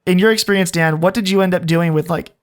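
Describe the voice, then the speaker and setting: A man's voice: high voice, fairly even intonation, fast talker. A man who hosts a podcast and is a father of a toddler, chatting casually and rambling a little as he tells a story and asks questions.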